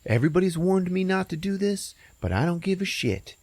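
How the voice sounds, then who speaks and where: A man voicing a frantic, high-strung male stoner with squealing, panicky exclamations. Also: sing-song, fairly quick, a little mellow, no echo, full character voice. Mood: careless.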